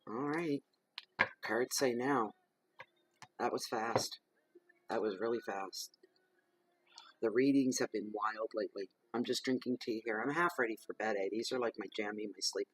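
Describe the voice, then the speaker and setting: A man gives a tarot reading to camera at home in the evening. He talks in a chatty, rambling way and slips into soft, murmured invocations. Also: mid-range voice, normal speed, a little hiss or hum, poor audio. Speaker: tarot reader. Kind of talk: casual chat to camera during a tarot reading. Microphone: camera microphone.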